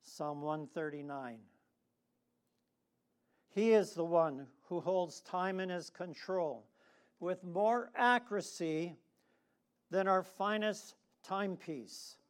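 A male preacher delivers a sermon at an unhurried, deliberate pace, letting long pauses hang between phrases. His voice sits slightly higher than most men's. Now and then he calls on the congregation to repeat a line with him. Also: clear, resonant tone. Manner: leads the congregation in responsive reading.

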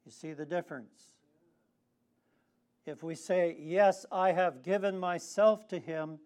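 Man preaching real slow, voice a bit high for a guy, lots of pauses, gets the crowd saying lines back. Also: steady tone, a little mellow. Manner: leads the congregation in responsive reading. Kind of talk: sermon.

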